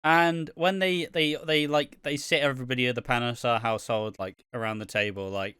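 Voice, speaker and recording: A man's voice: mid-range voice, fairly even intonation, fairly quick, few pauses, bright, forceful tone, smooth, no room sound, clean studio sound. A man co-hosting a casual soap podcast, swearing a lot, laughing often and acting out the characters' lines. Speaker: podcast co-host. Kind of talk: casual soap recap chat.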